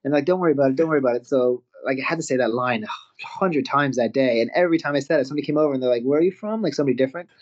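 Animated Canadian-raised man telling stories. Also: medium pitch, rapid-fire, highs cut off. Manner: animated anecdotes, laughs often, acts out quotes. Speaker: guest, professional wrestler and actor. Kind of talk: casual storytelling.

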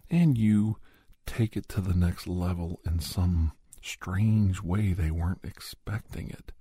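A man's voice: low voice, measured pace, mellow, husky, no echo, studio quality. A man talking casually and at length, giving advice in a rambling, conversational way and acting out quotes. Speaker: advice giver.

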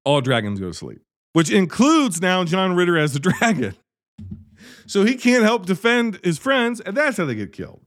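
A man rants through a movie plot with sarcastic, exasperated humor and constant swearing. His voice sits a little high and swings widely in pitch as he builds to mock outrage. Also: huge pitch swings, normal speed. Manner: sarcastic, exasperated, swears freely, acts out characters' lines. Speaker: movie reviewer. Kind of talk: profane comedic movie recap.

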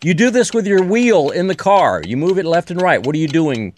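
A man co-hosting a radio game, giving quiz clues in a casual, halting way. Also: high-pitched, expressive. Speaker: radio co-host.

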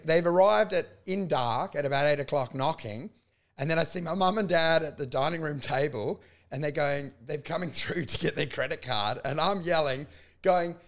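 A man telling stories in casual chat, animated and swearing often. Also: fairly high pitch. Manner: animated storytelling, swearing, frequent laughing.

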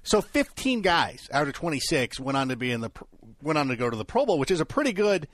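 A man's voice: fairly high pitch, big pitch swings, quick pace, fairly bright tone, dry recording. A man co-hosting a sports talk show in a studio, chatty and thinking his point through aloud. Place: broadcast studio.

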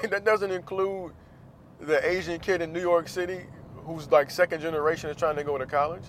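A man's voice: a little high, fairly even intonation, fairly quick, a little hiss or hum. A man from the United States in a casual talk, swearing freely and laughing often as he speaks with passion. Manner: profane, impassioned, laughs often.

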